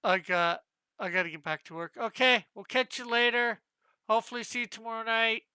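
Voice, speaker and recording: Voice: mid-range voice, steady tone, brisk, sharp tone, clear, resonant tone, no room sound. A comic artist chatting casually with viewers on a live stream while drawing, thinking aloud and asking their advice.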